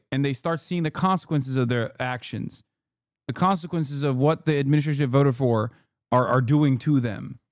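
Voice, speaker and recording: A man's voice: fairly high pitch, no echo, clean studio sound. Profane, combative male streamer ranting. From lives in California. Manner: profane, combative, rapid-fire. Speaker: political livestreamer. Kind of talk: ranting reaction commentary to live chat.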